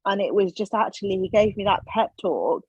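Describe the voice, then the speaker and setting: Husky woman telling a story. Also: medium pitch, a little fast, no room sound. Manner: animated, acts out quoted lines. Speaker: podcast guest. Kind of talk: casual storytelling chat. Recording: slightly dull, dry sound.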